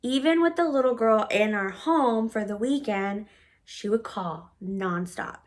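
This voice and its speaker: A woman's voice: fairly high pitch, a little slow. Blunt, profane woman telling a story. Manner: blunt, profane, with frequent "like" fillers. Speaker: vlogger. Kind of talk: storytime vlog.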